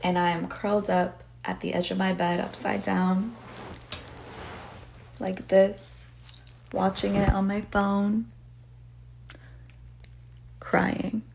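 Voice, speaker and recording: A woman hosts a casual podcast in an unhurried, rambling way, full of filler words and swearing. Her voice has a steady gravelly fry, and she takes her time over each thought. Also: mid-range voice, a little hiss or hum. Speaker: podcast host.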